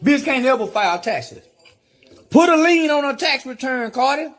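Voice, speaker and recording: A man delivering a loud, profane rant in a video clip, repeating his insults over and over. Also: extremely high pitch, lively intonation, normal speed. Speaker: guest commentator in a played clip.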